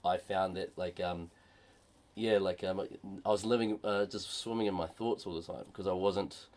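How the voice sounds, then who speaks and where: A man's voice: deep voice, steady tone, normal speed, darkish tone. Rambling man chatting on a podcast. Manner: rambling, with many fillers and restarts. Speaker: podcast co-host and comedian. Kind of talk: casual podcast chat. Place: shed.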